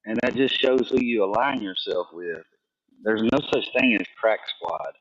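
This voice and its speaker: A man's voice: fairly low pitch, normal speed, fairly bright tone, dry recording. A man speaking as a guest on a livestream, hesitant in casual talk and repeating words as he searches for them. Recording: distant, dull lo-fi, dry.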